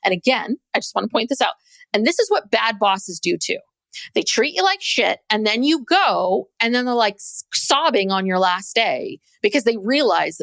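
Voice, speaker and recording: A woman's voice: a little high, very animated, moderate pace, a bit bright, dry recording. A woman co-hosting a podcast, recapping a reality show in casual chat, blunt and exasperated, swearing and acting out quotes in mocking voices. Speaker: podcast co-host.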